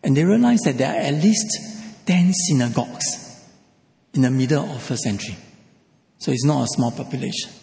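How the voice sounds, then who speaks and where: A man's voice: medium pitch, lively intonation, normal speed, creaky, long pauses, mellow. A man preaching a sermon, emphatic and repeating key phrases. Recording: echoey hall.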